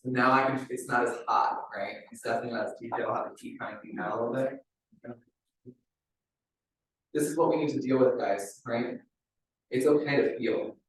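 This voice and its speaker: A man's voice: mid-range voice, steady tone, brisk, pauses often, a little hiss or hum. A man coaches a group through a live demonstration, chatty and checking in with "right?" after his points. His voice bounces around a very reverberant room. He sounds some distance from the microphone. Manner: chatty, ends many phrases with "right?". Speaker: wellness coach leading a demonstration. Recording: very echoey room, mic far off.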